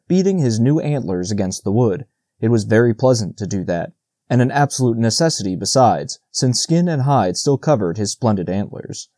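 A man narrates an audiobook in a mid-range voice, reading steadily and with measure. The recording is dry and studio quality.

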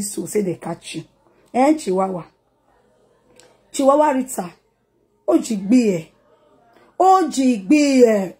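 A woman's voice: on the high side, mellow. A Nigerian woman vlogger and singer, teasing and scolding someone directly to camera in a casual way. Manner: teasing, scolding, mixes pidgin and mock sympathy.

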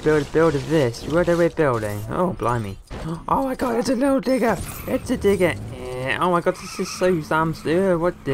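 A man giving casual, excitable let's-play commentary with a joking tone, often addressing viewers as guys. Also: fairly high pitch, background noise. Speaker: gameplay commentator.

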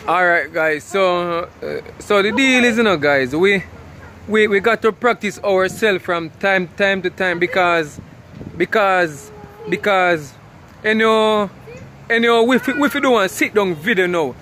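A Jamaican man talks to his camera outdoors while sheltering from rain under a tree. His voice sits high for a man, and his chatter is loose and full of laughs, with faint outdoor noise behind him. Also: measured pace, bright, forceful tone. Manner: chatty, laughs often, restarts words. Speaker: vlogger. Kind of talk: casual vlog talk to camera.

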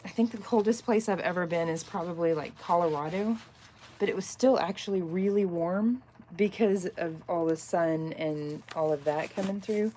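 Chatty Texan woman, low mellow voice. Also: moderate pace, a little hiss or hum. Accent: Texas, softened. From north central Texas. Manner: chatty, rambling, reacts to chat comments. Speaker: crafter making epoxy cups. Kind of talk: casual chat while crafting.

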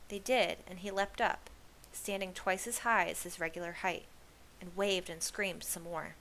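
Woman, read-aloud host, lively narration, bright tone, faint hiss behind. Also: lowish voice, moderate pace. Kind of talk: reading a novel aloud.

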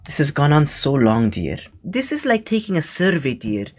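A man's voice: a little high, wildly swooping pitch, normal speed, breathy edge, exaggerated voice. A man voicing a fussy, scolding old grandmother on a prank phone call, who ends nearly every line with "dear" and rambles. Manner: says dear constantly, scolding, meandering. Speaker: scambaiter.

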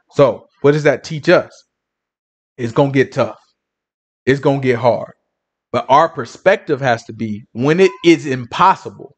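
A man's voice: medium pitch, breathy edge. A male preacher telling a Bible story in a casual, dramatic, conversational sermon.

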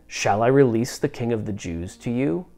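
A man's voice: medium pitch, expressive, normal speed, warm tone, soft background music, natural voice. A man voicing a stern, impatient Roman governor in a dramatized scripture reading, with raised, insistent questions. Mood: pressing.

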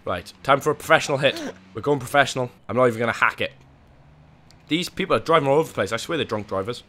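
Excitable man narrating co-op gameplay. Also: mid-range voice, fast talker. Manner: excitable, swings from muttering to yelling. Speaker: gaming channel host. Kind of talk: co-op gameplay commentary.

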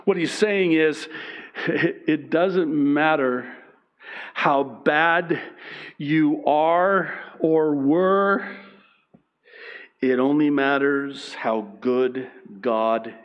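A male pastor preaching a sermon in an animated, self-deprecating way, laughing often and acting out the people in his stories. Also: fairly high pitch, drawn-out words, pauses often, lo-fi sound.

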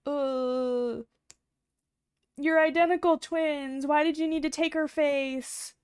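A woman's voice: high voice, steady tone, takes it slowly, no echo, studio quality. A woman streaming a horror game, squeamish and nervous, repeating words and laughing often through a headset mic.

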